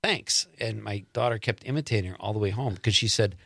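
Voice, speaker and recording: A middle-aged man from the Midwest hosts a casual interview in a relaxed, chatty way and laughs easily. His voice sits at an everyday pitch. The sound is dry and close to the mic. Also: fast talker, gravelly, no room sound. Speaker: podcast host.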